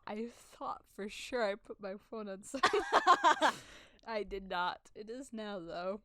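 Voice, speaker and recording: A woman's voice: medium pitch, sing-song, slow, sharp tone, no room sound, studio quality. A young woman chatting casually while playing a visual novel, giggly and easygoing. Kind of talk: casual let's-play banter.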